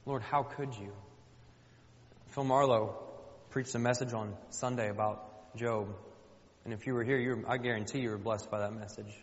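A man's voice: on the low side, steady tone, normal speed. Emphatic man preaching a sermon. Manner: colloquial, emphatic, repeats phrases for effect. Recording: dull lo-fi with long hall reverb.

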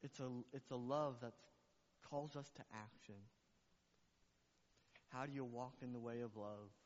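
Fervent male pastor in a reverberant hall. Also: a little slow. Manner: repeats words, rises to fervent high-pitched climaxes. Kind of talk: sermon. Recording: long reverb, dull lo-fi sound.

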